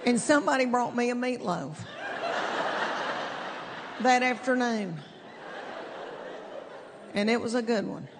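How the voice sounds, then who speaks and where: Speaking in a fairly high voice with a Southern East Tennessee accent, this middle-aged stand-up comedian drawls out folksy, self-mocking stories in a chatty manner. Background noise is present. She's on a large theater stage, captured with long hall reverb and the audience clearly heard.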